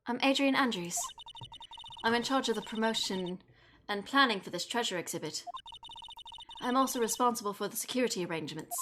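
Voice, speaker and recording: A woman's voice: on the high side, brisk, pauses often, background noise, lightly acted. A woman putting on a prim British exhibit manager. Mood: formal.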